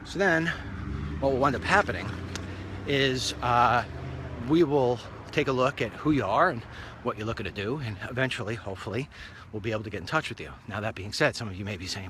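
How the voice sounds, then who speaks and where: A man talks on his phone mic as he strolls along an outdoor street, rambling through his plans in a chatty, upbeat monologue. His voice is bright and forceful, with a middling pitch. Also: a little fast, slight background noise. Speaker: online show host. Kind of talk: casual walk-and-talk monologue.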